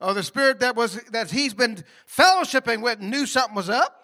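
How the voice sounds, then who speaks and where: Preaching briskly, this man has a bright, high voice and a homespun, conversational delivery. He tosses in laughing asides and keeps putting questions to his congregation.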